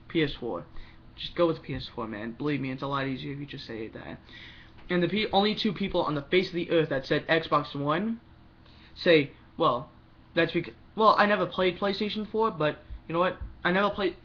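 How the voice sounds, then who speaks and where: A young gaming vlogger with a slightly high voice, heard on a muffled recording, gives a rambling opinion piece about games. He often stops to restart his sentences and talks fast in bursts.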